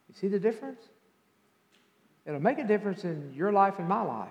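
A male pastor preaching a sermon and telling stories, building to loud emphasis at times. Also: high voice, very animated, moderate pace. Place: church sanctuary. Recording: echoey church hall with long reverb.

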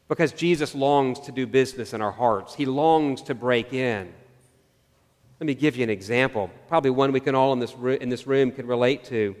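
A man preaching a sermon, earnest and searching, asking his listeners questions and slowing down on key phrases. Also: medium pitch, in a large hall. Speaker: pastor.

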